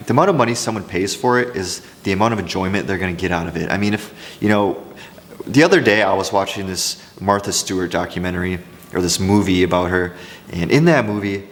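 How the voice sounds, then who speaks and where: A craft business coach with a low voice talks briskly to camera in a large hall, giving business advice in a casual, rambling way. He tells animated stories and keeps restarting his sentences.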